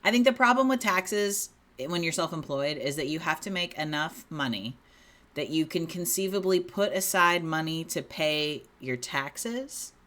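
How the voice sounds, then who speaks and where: Low-voiced, lively woman chatting on a livestream. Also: a little slow. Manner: chatty, self-deprecating, giggly. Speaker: livestream co-host. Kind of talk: casual livestream chat.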